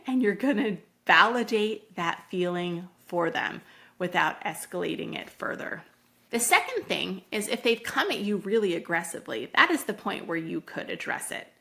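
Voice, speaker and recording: Gravelly-voiced woman giving parenting advice. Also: mid-range voice. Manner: calm, explanatory, acts out parent and child quotes. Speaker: parenting podcast host.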